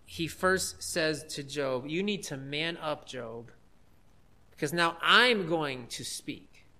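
Bright-voiced, emphatic male preacher. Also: sits high. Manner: emphatic, rising to loud declarations. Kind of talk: sermon.

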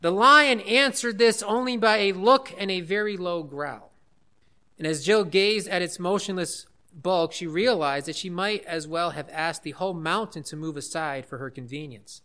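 High, bright-voiced earnest pastor. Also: male voice. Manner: emphatic, earnest, with slowed stresses. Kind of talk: sermon.

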